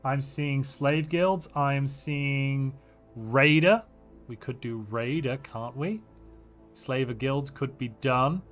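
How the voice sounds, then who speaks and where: A man's voice: mid-range voice, slow. Chatty male game streamer. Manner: chatty, reads viewer chat aloud and reacts; playful, muses aloud while weighing options. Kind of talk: casual livestream gameplay commentary. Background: faint background music.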